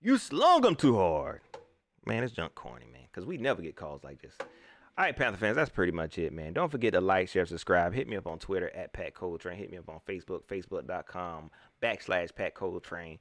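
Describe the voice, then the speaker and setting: A man's voice: low voice, a little fast. A man, giving casual, joking livestream commentary on football as a sports vlogger. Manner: animated, joking, slangy delivery.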